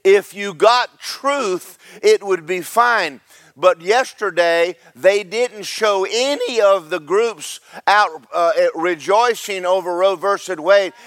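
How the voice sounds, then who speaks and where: High-voiced preacher, dry sound. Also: male voice, dry recording. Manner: preaching with swings from loud and slow to quiet and quick. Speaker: pastor. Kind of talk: sermon.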